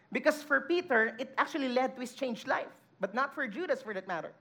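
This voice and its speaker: Female preacher, high voice, earnest sermon delivery with scripture readings. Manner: earnest, emphatic, reads scripture aloud.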